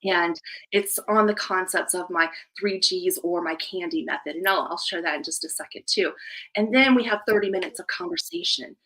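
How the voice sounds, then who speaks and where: A woman life coach speaking as a podcast guest, delivering an energetic, emphatic motivational pitch. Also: moderate pace, low-quality recording. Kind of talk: live podcast interview.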